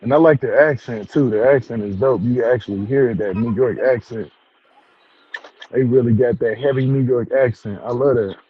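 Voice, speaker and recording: A man's voice: medium pitch, moderate pace, breathy edge, phone-quality sound. A man hosting a casual review chat at home, talking in a laid-back, slangy way and chuckling often. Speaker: show review host.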